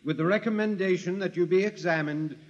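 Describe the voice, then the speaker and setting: An actor playing a stern, formal judge pronouncing sentence in an old radio drama. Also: male voice, sits high, a little fast, close to an everyday voice. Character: stern male trial judge. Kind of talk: 1950s radio drama acting. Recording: dull recording with long reverb.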